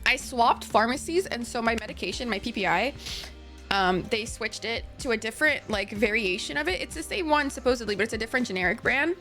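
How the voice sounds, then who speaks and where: A young woman chats casually on a live stream in a high, lively voice that leaps up and down. She is sniffly from sinus trouble, apologizes often and swears freely, with faint music behind her. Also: brisk. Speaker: game streamer.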